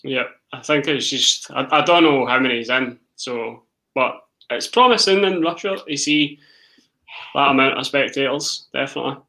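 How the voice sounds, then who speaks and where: Man, bright forceful voice, co-host, playful casual banter. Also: mid-range voice, normal speed, poor audio. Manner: jokey, playful.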